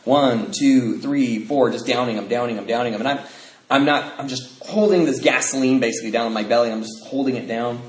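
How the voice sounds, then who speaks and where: A man speaking at a recovery convention, telling his story in an animated, self-mocking way and acting out the quotes. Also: medium pitch, brisk. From Washington State, USA. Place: large convention hall. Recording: echoey hall recording with background noise.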